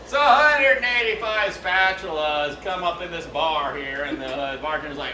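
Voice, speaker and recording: A man performing live improv comedy, telling joke setups in a loose, drawn-out way with fillers. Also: on the high side, pushed and bright. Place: comedy theater stage. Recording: roomy theater sound from a distant mic.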